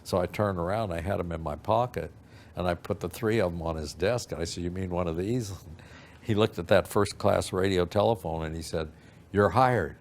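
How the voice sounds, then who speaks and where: A man's voice: low voice, brisk, a little mellow, slight background noise. An older man telling a story from his youth in an archival interview, rambling and acting out the people he quotes.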